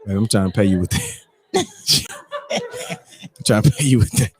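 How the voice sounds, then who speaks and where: A man hosting a morning show, telling stories in an animated, laughing way with loose slang. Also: on the low side, a little slow, breathy edge, no echo. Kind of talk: casual chat and storytelling.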